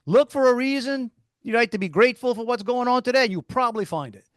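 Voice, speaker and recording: A man's voice: very high-pitched, quick pace, a bit bright, dry recording, clean studio sound. A man co-hosting a casual podcast, giving folksy pep talks and saying "y'all" a lot. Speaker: co-host.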